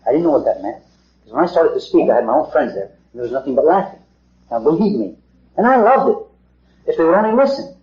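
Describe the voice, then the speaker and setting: Man, middle-aged, fairly high voice, earnest lecturer; dull 1950s tape in an echoey hall. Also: sing-song, a little fast. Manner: earnest, rhetorical questions, repeats himself. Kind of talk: public talk to a small group. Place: meeting hall.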